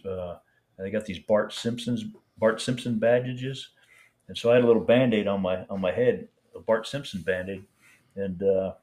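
Older man, low voice, rambling halting storyteller, interview guest. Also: a little mellow. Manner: rambling, halting, many restarts and fillers. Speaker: veteran guest.

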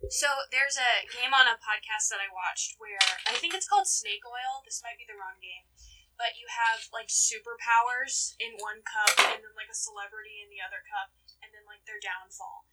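A woman's voice: a little high, normal speed. A young woman casually explaining a game, rambling and thinking aloud as she goes. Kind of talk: casual chat. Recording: distant voice with loud noise.

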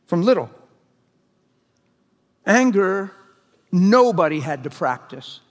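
High-voiced preacher man in a reverberant hall. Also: sing-song, slow pace. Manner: conversational, jokey, presses the crowd with questions. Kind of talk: sermon. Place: large church hall before a congregation.

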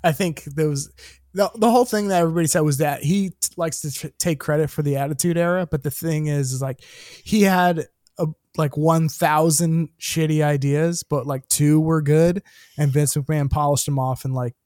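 Laughing, fast-telling man, dry sound. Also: on the high side, no echo. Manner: animated storyteller, laughs often, swears casually. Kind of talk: casual chat.

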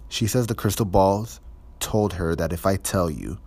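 A man's voice: normal speed, darkish tone, breathy edge. A man voicing a timid, nervous teenage boy who speaks unhappily in a storybook reading. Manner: unhappy, squeaky.

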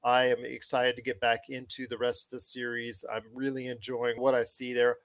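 A man co-hosting a casual pop-culture podcast, talking with animated, enthusiastic swings in his voice. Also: medium pitch, normal speed. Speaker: podcast co-host.

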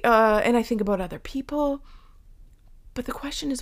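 In a fairly high voice at normal speed, a woman delivers a reflective devotional talk with earnest feeling. She whispers quoted lines and brings Bible characters to life with lively shifts.

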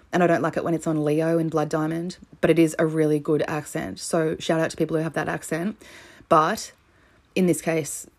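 A woman with a notably low, deep voice tells a true crime case in an easygoing, conversational way. She tosses in profanity and blunt offhand remarks as she goes. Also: darkish tone. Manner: blunt and chatty, swears freely, offhand asides. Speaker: true crime podcast host. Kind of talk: casual true crime storytelling.

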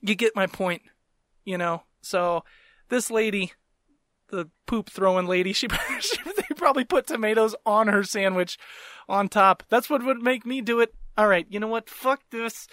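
A man's voice: high-pitched, normal speed, no echo, clean studio sound. A young adult man hosting a podcast, telling comic stories in a profane, exasperated rant. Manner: profane, exasperated, animated storytelling. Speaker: podcast host, comedian. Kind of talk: casual comedic rant.

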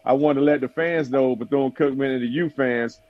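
A man's voice: mid-range voice, fairly even intonation, a little fast, no room sound. A man hosting a casual call-in chat over his cell phone, loose and teasing with his guests. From South Florida. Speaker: host. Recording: dull lo-fi phone audio.

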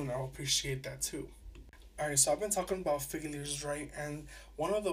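A young man hosting a podcast, telling stories in a chatty, animated way with lots of fillers and restarts. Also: on the high side. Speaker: podcast host. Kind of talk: casual solo podcast storytelling. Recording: voice a bit distant from the mic.

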